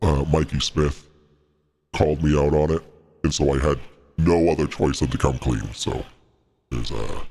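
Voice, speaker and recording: A deep husky devil. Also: male voice, fairly even intonation, moderate pace, pauses often, darkish tone, exaggerated voice. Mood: mock-sinister. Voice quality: deep, husky voice-changer growl. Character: menacing deep-voiced devil, adult man. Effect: voice changer pitched down.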